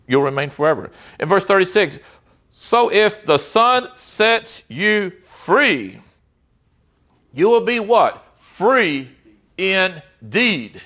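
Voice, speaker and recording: A man's voice: sits high, big pitch swings, slow, bright, forceful tone. A middle-aged man preaching a sermon and reading Bible verses in a conversational, emphatic way, asking his listeners rhetorical questions.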